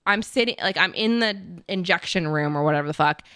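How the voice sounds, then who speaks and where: A young woman hosting a podcast, telling a story in casual chat, animated and profane, with lots of "like" fillers. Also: lowish voice, a little fast, clean tone, no room sound. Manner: animated, acts out quotes in the story. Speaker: podcast host. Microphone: podcast mic.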